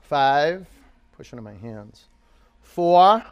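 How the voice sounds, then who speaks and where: A man with a slightly higher voice leads a yoga class, calling poses and counting each hold down from five. He coaches his students by name and urges them on through the hard moves. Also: lively intonation, slow, clear, resonant tone, highs cut off. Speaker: yoga teacher. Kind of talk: instructing a live yoga class.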